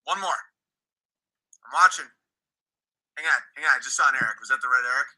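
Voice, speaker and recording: A man's voice: medium pitch, quick pace, rough recording. A man ranting angrily on a livestream, swearing and repeating threats while reading chat comments aloud. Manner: profane, shouting threats, repetitive. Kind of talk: angry livestream rant.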